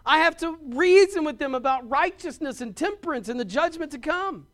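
A man's voice: extremely high pitch, animated, moderate pace, fairly bright tone. A middle-aged man preaching a sermon as pastor, stressing points emphatically and often repeating words.

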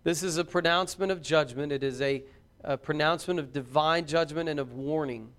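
A man preaching a sermon in a church, reading scripture and building to loud, fervent intensity. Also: a little high, brisk. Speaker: pastor.

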